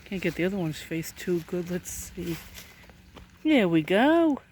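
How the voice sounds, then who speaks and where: A woman's voice: on the low side, big pitch swings, measured pace, darkish tone, a little hiss or hum. A woman vlogging outdoors in a pasture, chatting to cows and donkeys in a coaxing, baby-talk way while filming on a handheld camera. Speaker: vlogger filming farm animals.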